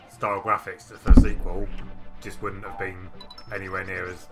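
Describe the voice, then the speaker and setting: Low-voiced man chatting game trivia. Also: level tone, normal speed, loud music behind the voice. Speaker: streamer co-host. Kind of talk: casual chat while watching games.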